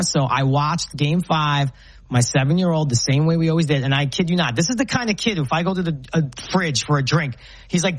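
A man's voice: fairly high pitch, normal speed, dry recording, poor audio. A man in his forties from Brooklyn, telling heartfelt stories on a casual sports talk show. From Brooklyn, New York. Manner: animated, heartfelt storyteller.

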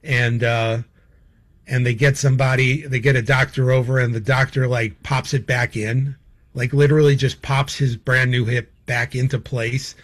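A man's voice: medium pitch, little pitch movement, moderate pace. Male podcast guest with a mid-range voice, rambling anecdotes, laughs through the telling. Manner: rambling, laughing as he tells stories, many fillers. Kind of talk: casual anecdotal storytelling.

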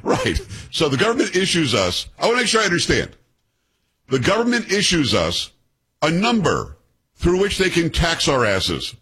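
A man's voice: a little high, huge pitch swings, moderate pace, sharp tone, slightly rough. Blunt, combative talk radio host in his sixties. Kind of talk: political talk radio monologue.

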